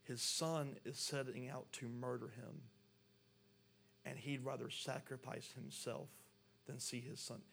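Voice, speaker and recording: Guy preaching a sermon, kinda gravelly, reads the verses then really leans into it. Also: medium pitch, fairly even intonation, measured pace, fairly bright tone, slight background noise. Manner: reads scripture aloud, then preaches with rising intensity. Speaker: pastor.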